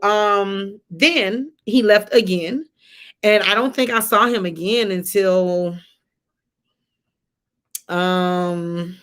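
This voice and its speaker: A woman, telling a personal story on a live stream in a conversational, animated way and talking to viewers as y'all. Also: medium pitch. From Atlanta area, US. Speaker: livestream host. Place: home, during a rainstorm.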